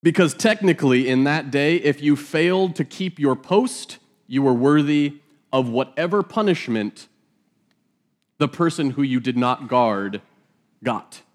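A man's voice: fairly high pitch, unhurried. Joking man teaching from the Bible. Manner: casual and joking, with laughing asides.

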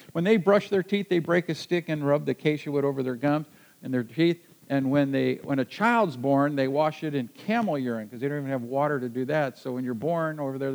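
A man telling a personal adventure story to a listener, lively and halting, with frequent restarts. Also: on the high side, poor audio.

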